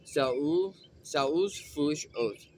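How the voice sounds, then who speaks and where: A man's voice: fairly high pitch, drawn-out words, slight background noise. Man reading scripture aloud. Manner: steady reading with small slips. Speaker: Bible reader.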